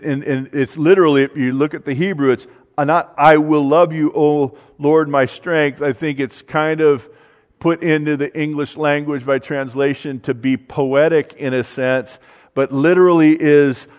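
A man's voice: fairly high pitch, darkish tone, muffled recording. A man preaching a conversational sermon on a psalm, dropping his voice for the quoted prayers. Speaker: pastor. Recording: long hall reverb.

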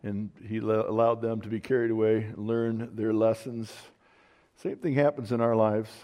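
A man's voice: fairly low pitch, darkish tone. A man preaching a sermon in a conversational way, often restarting and saying "you know". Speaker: pastor.

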